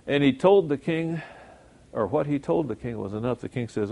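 Gravelly man preaching conversationally. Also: mid-range voice, lively intonation, moderate pace, mellow. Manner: conversational, rhetorical questions, self-corrections. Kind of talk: sermon.

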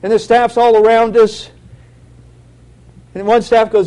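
Guy with a pretty high voice preaching, earnest and heartfelt, telling his own story. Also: fairly even intonation, moderate pace, long pauses, mellow, poor audio. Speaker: lay preacher. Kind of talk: sermon with personal testimony.

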